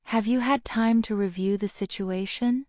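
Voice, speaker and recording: A woman's voice: mid-range voice, moderate pace, darkish tone, no echo, clean studio sound, close to an everyday voice. A woman voicing a grave, courteous old wizard. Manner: courteous, turning cold. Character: congenial, grave old male headmaster wizard.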